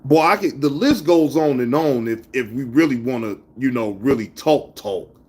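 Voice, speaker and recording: A man's voice: mid-range voice, moderate pace, darkish tone, husky. A man hosting a casual livestream, talking to his chat in loose slang, scolding viewers and reminiscing. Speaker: livestream host.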